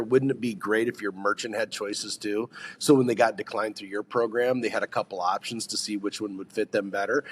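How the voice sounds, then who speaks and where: A man's voice: medium pitch, a bit bright, breathy edge. A man giving sales advice in a casual podcast chat, rambling, restarting sentences and firing questions at his listeners.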